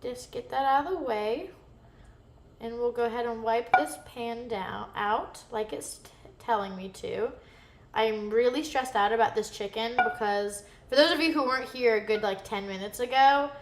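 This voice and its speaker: Bright, goofy woman. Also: a little high, roomy sound. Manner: goofy, rambling, chatty. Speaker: vlogger cooking live. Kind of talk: casual livestream chat while cooking. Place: home kitchen.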